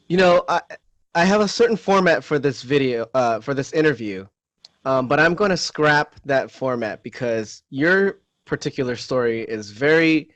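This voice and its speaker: A man hosts a casual online interview at a mid pitch. He speaks in a friendly way but often stops and restarts his sentences. The sound is dry and close, with no room echo. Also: fairly bright tone. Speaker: interview host.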